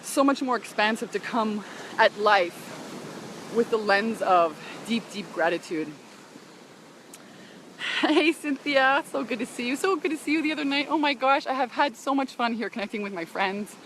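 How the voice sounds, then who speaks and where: Streaming to her followers from a beach walk, this business coach sounds animated and fairly bright, her voice a little high and her pace moderate. She laughs, sighs and calls out viewers by name in a casual, emotional chat, with a bit of background noise.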